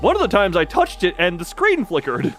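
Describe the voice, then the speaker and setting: A man chatting casually to his live-stream audience, animated and quick to laugh. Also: sits high. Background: faint background music.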